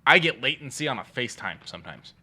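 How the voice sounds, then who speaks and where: Man, podcast co-host, casual chat, skeptical, blunt, bright sharp voice. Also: mid-range voice, very animated, fast talker, slight background noise. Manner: skeptical and blunt, argues points with profanity.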